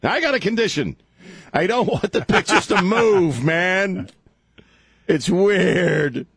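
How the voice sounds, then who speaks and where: A man's voice: sits high, takes it slowly, creaky, slightly rough, dry recording. A middle-aged man hosting a talk radio show, rambling and joking in casual banter from a studio mic. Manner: rambling, jokey, animated, lots of laughs and filler. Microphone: studio microphone.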